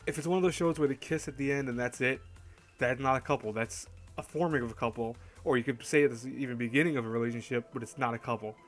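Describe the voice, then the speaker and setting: A man's voice: mid-range voice, fast, faint music behind. A man hosting an anime countdown in casual chat, rambling and correcting himself as he goes. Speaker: host. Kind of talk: casual anime list commentary.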